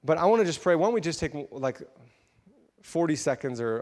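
A man's voice: mid-range voice, brisk, darkish tone. Man preaching casually in a reverberant hall. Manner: casual, chatty, with fillers and laughs. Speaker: pastor. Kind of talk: sermon storytelling. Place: church sanctuary.

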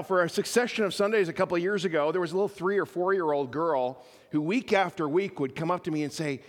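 Joking pastor with a raised pitch. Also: male voice, animated, fast talker. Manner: conversational, joking asides. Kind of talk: sermon. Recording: reverberant church hall.

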